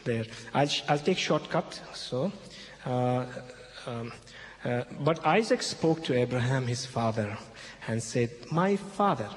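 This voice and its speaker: In an echoey hall with faint background noise, a Christian speaker retells a Bible passage to an audience in broken English. His mid-range voice has lively intonation and a slightly slow pace, and he repeats key phrases while often asking "okay?"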